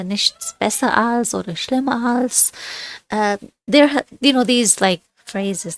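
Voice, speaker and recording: A woman tutoring through a course book in a casual study-along lesson, chatty and quick to skip busywork. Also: medium pitch. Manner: chatty, dismissive of busywork, mixes textbook reading with explanation. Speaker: language tutor.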